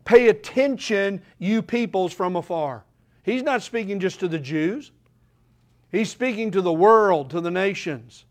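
Emphatic older male preacher. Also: fairly high pitch. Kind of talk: sermon.

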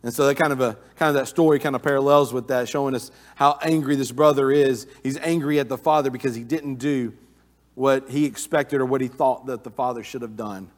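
A man's voice: medium pitch, fairly even intonation, a little fast. A man preaching a sermon in an earnest manner, often restarting his sentences with filler uhs. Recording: long reverb of a large hall.

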